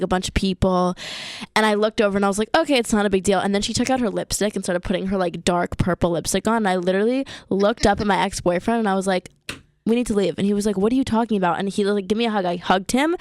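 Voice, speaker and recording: Rapid, gushing female guest, dry sound. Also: mid-range voice, no room sound. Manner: breathless, gushing storytelling full of "like". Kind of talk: interview anecdote.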